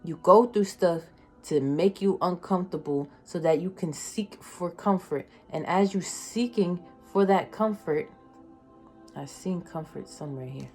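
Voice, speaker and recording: A woman giving a casual tarot reading, emotional and slangy, swinging between loud excitement and soft near-whispers. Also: lowish voice, measured pace, husky, faint music behind. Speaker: tarot reader.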